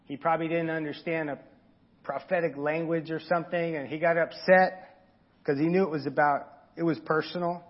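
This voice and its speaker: A man with a fairly high, husky voice preaches in an easygoing, earnest way, talking straight to his listeners. The sermon audio sounds dull and lo-fi. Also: fairly even intonation, a little fast. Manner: informal, earnest, talks directly to the congregation. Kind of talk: conversational sermon.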